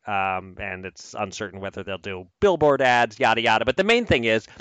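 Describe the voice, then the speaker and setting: A man's voice: lowish voice, fairly bright tone, dry recording. A man from Philadelphia hosting a casual podcast, chatty with frequent restarts. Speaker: podcast host.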